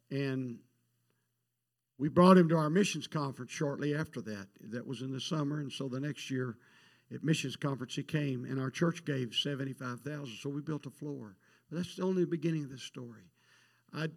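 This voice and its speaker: A middle-aged man preaching a missions sermon, telling a story and swinging from quiet asides to loud emphatic peaks. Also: mid-range voice. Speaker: pastor.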